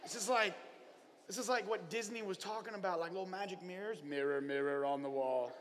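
A man from Oklahoma preaching a lively, humorous sermon to young people at a camp, telling stories with playful asides. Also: high-pitched, fairly quick, in a large hall, slight background noise. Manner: animated storyteller, playful humor.

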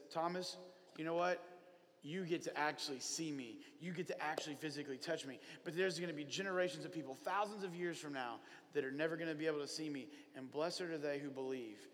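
A man from Oklahoma preaching a lively, humorous sermon to young people at a camp, telling stories with playful asides. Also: a little high, in a large hall. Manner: animated storyteller, playful humor.

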